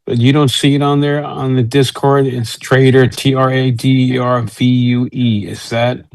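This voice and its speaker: A man's voice: medium pitch, flat delivery, moderate pace, creaky, no room sound. A man in a casual chat, puzzled and asking questions for help. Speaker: community member asking for help.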